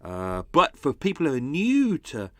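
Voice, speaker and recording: A man hosting a true-crime podcast, narrating in a grave, measured way and chatting in a rambling, self-mocking manner. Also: fairly high pitch, wildly swooping pitch, dry recording. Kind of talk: scripted true-crime narration and casual chat.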